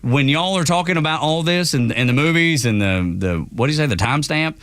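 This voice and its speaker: A man's voice: on the high side, animated, fairly quick, fairly bright tone, no echo. A middle-aged man co-hosting a morning radio show, telling rambling, self-deprecating stories in casual banter. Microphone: studio microphone.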